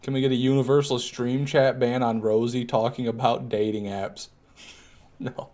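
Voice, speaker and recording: A man's voice: medium pitch, level tone, unhurried, a little mellow. A man streaming a video game live, chatting casually, joking and answering his chat as he plays. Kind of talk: live gameplay commentary.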